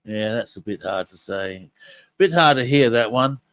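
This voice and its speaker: A man's voice: mid-range voice, lively intonation, normal speed, heavy background noise. An older man hosting a podcast, chatting casually and eagerly to listeners as he presents audio clips. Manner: chatty and enthusiastic, talking straight to listeners. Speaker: podcast host.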